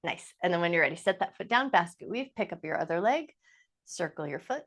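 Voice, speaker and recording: A woman yoga instructor leading a guided chair yoga class, giving gentle step-by-step cues in a calm, casual way. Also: on the low side, brisk. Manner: casual, with fillers like "like" and "just".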